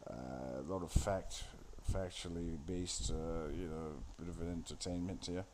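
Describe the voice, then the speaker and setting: A man's voice: deep voice, steady tone, measured pace, a little mellow, slight background noise. A man giving casual, rambling commentary on a film he is watching, sardonic and full of swearing. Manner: sardonic, crude, profane, off-the-cuff.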